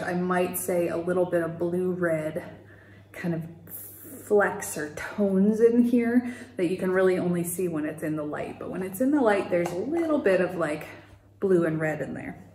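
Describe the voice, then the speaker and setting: A woman hosts a casual knitting video chat podcast from home, rambling a little with fillers and the odd laugh. Her voice is fairly low and a little mellow, and the room sounds echoey.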